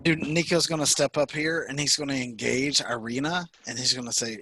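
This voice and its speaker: A man playing a tabletop game, talking loudly and excitably. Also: medium pitch, a little fast, low-quality recording. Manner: loud, excitable talk. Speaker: player. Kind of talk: casual tabletop game play.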